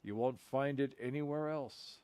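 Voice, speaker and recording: A man reading a shifty fast-talking tea vendor. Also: mid-range voice, a little mellow, slight background noise, close to an everyday voice. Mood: salesy.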